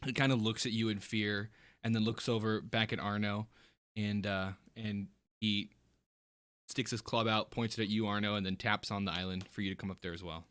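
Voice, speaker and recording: A man's voice: lowish voice, little pitch movement, normal speed, a bit bright, clear, resonant tone, no echo. Casting: male game master, easygoing narration, dry close sound.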